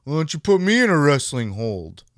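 A man's voice: medium pitch, very animated, measured pace, no echo, studio quality. A man hosting a podcast, talking casually in a heated, profane rant. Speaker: podcast host. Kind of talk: casual chat.

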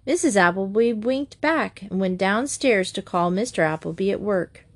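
A woman narrating a children's book aloud in a gentle, even storytelling manner. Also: medium pitch, normal speed.

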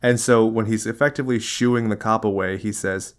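Sarcastic, joking man, fairly low voice. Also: fairly even intonation, a little fast. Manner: sarcastic, jokey, acts out quotes in voices. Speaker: podcast co-host. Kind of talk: casual film discussion.

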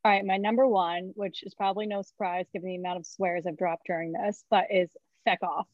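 A woman's voice: on the low side, fairly even intonation, brisk, dry recording, highs cut off. A woman chatting casually with friends on a podcast, making dry, laid-back remarks. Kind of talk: casual chat.

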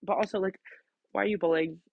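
A woman's voice: medium pitch, steady tone, quick pace, gravelly, slightly rough, dry recording. A teenage girl venting to the camera from her bedroom in a chatty, casual rant, filling every phrase with "like" and swearing freely. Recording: dull, lo-fi dry recording.

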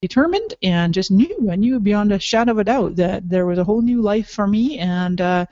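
A cheerful middle-aged woman with a light Scottish lilt tells her life story in a relaxed podcast interview, laughing as she goes. Her voice sits at an ordinary pitch, recorded close and dry with a slightly dull, lo-fi tone. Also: moderate pace, dry recording. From Canada, raised partly in Scotland. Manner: upbeat, enthusiastic, laughs often. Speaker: podcast guest.

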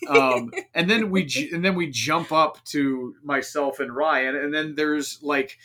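A man's voice: a little high, measured pace, sharp tone. Rambling male podcast host. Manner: rambling, filler-heavy, self-interrupting. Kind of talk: casual podcast chat.

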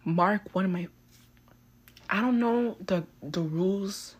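A teenage girl hosting a podcast, telling a story in a chatty, animated way full of fillers. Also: mid-range voice, slow pace, husky. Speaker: podcast host. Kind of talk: casual storytelling.

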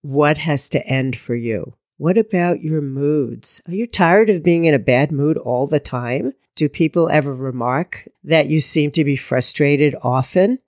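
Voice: mid-range voice, unhurried, hardly any pauses, no room sound, studio quality. A podcast host speaking as a coach in an earnest, encouraging monologue, putting direct questions to the listener.

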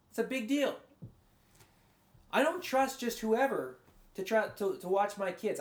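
A man giving a conversational, rambling sermon as a pastor, his voice going a bit hoarse. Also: high-pitched, roomy sound. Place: large room, speaking to a congregation far away.

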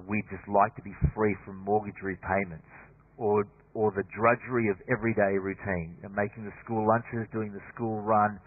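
A man's voice: fairly low pitch, no echo. A man preaching a sermon in a chatty, humorous way with asides. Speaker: pastor. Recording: dry, tinny phone-like sound.

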